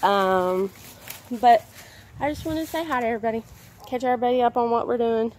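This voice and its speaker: A woman's voice: on the high side, fairly quick, a little mellow, a little hiss or hum. A young woman chatting casually to her phone camera from her backyard, folksy, now and then turning to talk to her little daughter. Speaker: vlogger, mother. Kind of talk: casual vlog chat. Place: outdoors in a backyard.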